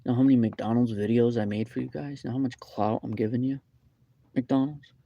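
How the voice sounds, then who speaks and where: A man's voice: medium pitch, steady tone, fairly quick, gravelly, lo-fi sound. A man playing a grumpy real-life Sonic the Hedgehog, rambling through an aggrieved, repetitive complaint in an improvised comedic rant. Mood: irritated.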